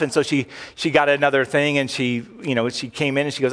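A man's voice: medium pitch, steady tone, fairly quick, hardly any pauses, a bit bright. A middle-aged man preaching a sermon as pastor, talking conversationally with frequent asides and restarts. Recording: long hall reverb.

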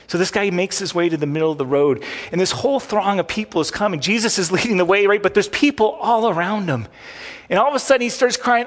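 A man delivers a sermon in a relaxed, talking style, stumbling and restarting now and then. He voices the cries and prayers of the people in his story. His voice sits a bit high, and a long reverb from the hall trails behind it. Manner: conversational preaching with restarts, acting out cries and prayers. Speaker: pastor.

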